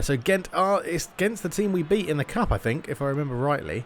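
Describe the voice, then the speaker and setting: A man's voice: on the high side, very animated, fairly quick, hardly any pauses, a little hiss or hum. A young man giving casual gameplay commentary, thinking aloud and slipping into mock match commentary. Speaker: gaming YouTuber.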